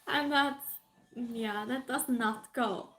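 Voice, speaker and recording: A woman's voice: fairly high pitch, slow, a bit bright, soft background music, low-quality recording. A woman hosting a casual livestream, chatting and giggling as she greets viewers and reads their comments aloud. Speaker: livestream host. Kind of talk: casual stream chat, reading out viewer comments.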